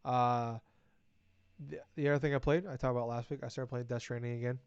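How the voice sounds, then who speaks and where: A man's voice: medium pitch, fairly quick, clear, resonant tone. A podcast co-host chatting loosely, who keeps swearing as he builds into frustrated rants. His voice sits in a middle range and sounds dull and lo-fi, with no room echo at all. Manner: profane, animated ranting. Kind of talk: casual chat. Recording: dull lo-fi recording.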